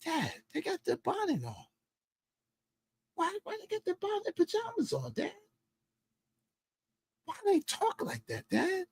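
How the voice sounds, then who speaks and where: A nagging young boy pipes up in a high, hushed voice, pestering his father with question after question. A man puts the voice on while retelling a story. The sound is dry and close. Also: wildly swooping pitch, measured pace, gravelly, long pauses, no room sound, heavily acted. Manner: whiny, repeating "Dad".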